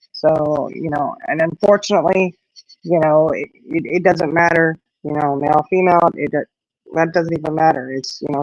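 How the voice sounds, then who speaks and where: Her low, darkish voice carries through a casual livestream a middle-aged woman hosts outdoors during an evening walk. She rambles, dropping plenty of "you know" while responding to viewers. The audio is dull with no echo.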